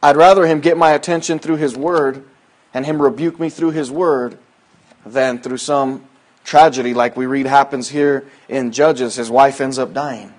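A man preaching a sermon in a folksy, conversational way, quoting scripture and swinging from loud emphatic lines to hushed asides. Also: medium pitch, fairly even intonation, moderate pace. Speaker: pastor.

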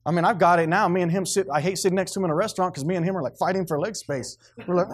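A man's voice: sits high, quick pace, few pauses. A man, preaching a blunt, emphatic sermon as pastor. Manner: blunt, emphatic preaching, grows loud and animated.

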